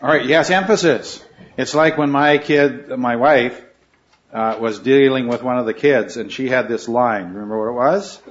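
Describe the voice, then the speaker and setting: A man's voice: medium pitch, normal speed. Man teaching a Bible class. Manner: questioning, repeats students' answers. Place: classroom with students. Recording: slightly dull recording.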